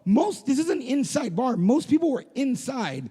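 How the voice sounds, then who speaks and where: A man co-hosting a podcast, telling an embarrassing story in casual, animated chat, swearing freely and breaking into laughter. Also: very high voice, normal speed, breathy edge, in a large hall. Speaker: podcast co-host. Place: podcast studio.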